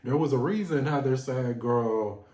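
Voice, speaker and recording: A man's voice: mid-range voice, measured pace, dark tone. A man giving a sassy, playful recap of a reality show in a casual vlog. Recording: echoey room.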